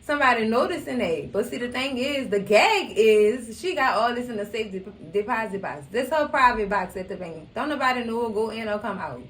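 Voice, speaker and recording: A woman's voice: on the high side, expressive, a little fast, few pauses, distant mic, a little hiss or hum. A young woman, chatting casually about a show, acting out quotes and laughing often. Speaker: recap channel host. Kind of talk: casual TV recap chat. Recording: echoey room.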